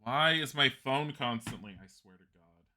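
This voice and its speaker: A man's voice: mid-range voice, expressive, normal speed, bright, forceful tone, slight background noise. A man streaming a video game live, rambling and chatty in casual commentary, laughing often and swearing casually.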